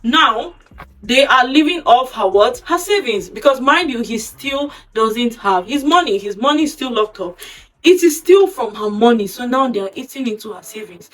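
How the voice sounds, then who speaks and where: A woman casually recapping a drama-filled story, gossipy and animated, acting out the quoted lines, recorded from a bit off the mic with faint music behind. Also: a little high, moderate pace, distant mic, rough recording. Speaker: storytime host.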